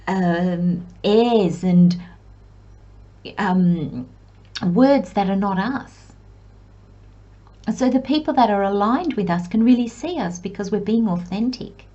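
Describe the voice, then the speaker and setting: A tarot reader gives a pick-a-card reading in a slow, unhurried way, her medium-pitched voice soft with a husky edge. She's reflective and gently encouraging, adding self-deprecating asides and light giggles. The recording is slightly muffled and lo-fi.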